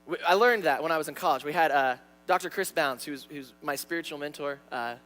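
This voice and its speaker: High-voiced man preaching a lively sermon. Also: brisk, faint music behind. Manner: animated, stutters, repeats words. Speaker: pastor. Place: church sanctuary.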